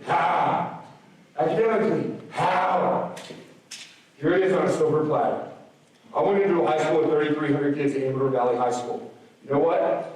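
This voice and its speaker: A man in his thirties, his voice sitting a little high, delivers a punchy motivational speech to students. He fires rhetorical questions at them directly. He is heard from a distance in a very echoey hall. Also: darkish tone. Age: 30s. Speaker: motivational speaker. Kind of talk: motivational speech to a school assembly. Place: large school gym or auditorium.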